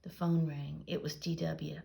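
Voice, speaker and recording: A woman reading a children's picture book aloud in a gentle storytelling way. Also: deep voice, unhurried, vocal fry. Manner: gentle storytelling with lively dialogue voices. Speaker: reader.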